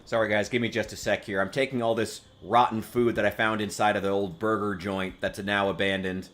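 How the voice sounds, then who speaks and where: A man's voice: on the low side, flat delivery, fairly quick, fairly bright tone. A man from the United States chatting casually while streaming a game, rambling and swearing with a wry edge. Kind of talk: casual gaming stream chat.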